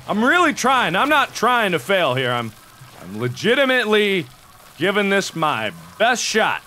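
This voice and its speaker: A young man in his twenties commentating a horror game playthrough, shouting in frustration and ranting between panicked outbursts. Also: high voice, very animated, normal speed, slight background noise. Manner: loud frantic shouting and exasperated ranting. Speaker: gaming video host.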